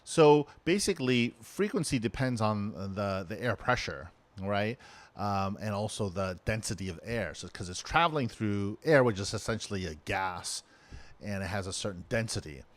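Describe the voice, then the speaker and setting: A middle-aged man teaching a recorded lecture, halting and checking in with "right?" and "okay?". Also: lowish voice, expressive.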